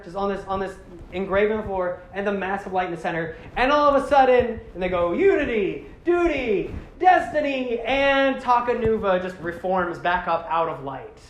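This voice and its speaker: A man casually retelling a story with excitement, acting out the characters in exaggerated voices. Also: sits high, normal speed. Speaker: podcast host recapping a franchise. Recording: echoey room with faint background noise.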